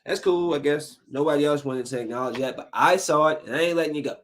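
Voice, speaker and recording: A man in his thirties hosting a podcast, giving a casual solo commentary in an animated, emphatic ranting style full of slang. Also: on the high side, fast. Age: 30s. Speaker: podcast host.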